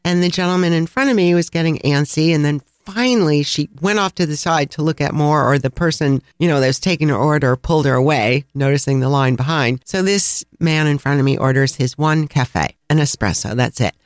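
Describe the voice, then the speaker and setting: Chicago guy telling a travel story, kinda high voice, laughs a lot, dry close sound. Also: a little fast, hardly any pauses, dry recording. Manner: lively anecdotal telling, frequent laughs. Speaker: travel podcast co-host. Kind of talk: casual storytelling chat.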